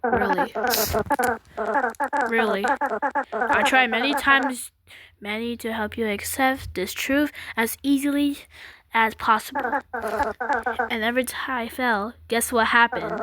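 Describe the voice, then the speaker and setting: A woman's voice: a little high, measured pace, pauses often. A woman doing let's-play commentary, reading game dialogue aloud and gasping and squealing at the scares. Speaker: gameplay commentator. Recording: loud game music over the voice.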